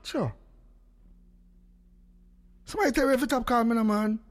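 A Jamaican man hosting a radio live stream, excitable and quick, calling hello again and again. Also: very high voice. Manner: excitable, rapid, calls hello over and over. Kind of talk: casual live-stream chat.

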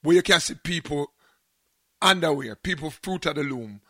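Bright-voiced Jamaican man chatting. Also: a little high, moderate pace, dry recording. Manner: animated storyteller, slips into patois. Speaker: show host. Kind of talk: casual chat.

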